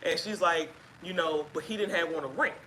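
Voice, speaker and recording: Give me a chatty woman recounting a story, bright tone with faint background noise. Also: fairly low pitch, low-quality recording. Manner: chatty, halting with fillers, acts out quoted speech. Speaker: guest sharing her story. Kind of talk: casual storytelling on a live stream.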